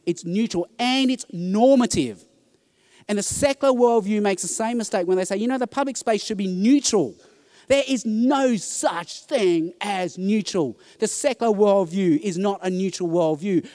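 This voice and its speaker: Man, high voice, lively talk to a conference crowd, acts out the voices he quotes. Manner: animated storytelling, acting out quoted voices. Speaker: conference speaker. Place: conference hall.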